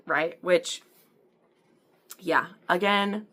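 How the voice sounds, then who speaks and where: A woman from the American Midwest chatting through an episode recap, talkative and animated, full of fillers and acted-out quotes. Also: medium pitch, takes it slowly. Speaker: book and TV reviewer. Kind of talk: casual recap and review.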